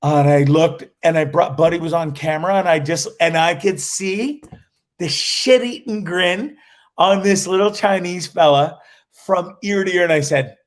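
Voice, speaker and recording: Man, high voice, livestream host, profane, rambling, many restarts. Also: a little slow. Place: indoors in a cottage while traveling.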